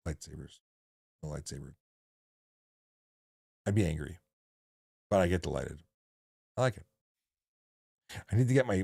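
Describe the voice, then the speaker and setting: A man's voice: a bass voice, gravelly, a little mellow, husky, no room sound, studio quality. A man, a former police officer, hosting a casual livestream chat, telling dad jokes and rambling with lots of restarts. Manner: jokey, rambling with many restarts.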